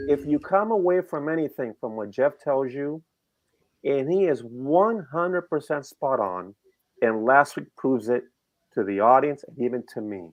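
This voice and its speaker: A man's voice: mid-range voice, lively intonation, a little slow, darkish tone. A middle-aged man co-hosting a sports betting show, talking casually and animatedly, rambling and firing off rhetorical questions.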